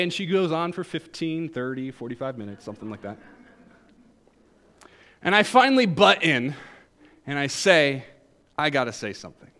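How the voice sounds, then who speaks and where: Preaching in a storytelling, conversational style, a male pastor adds wry humor. He moves between emphatic peaks and quiet, low asides.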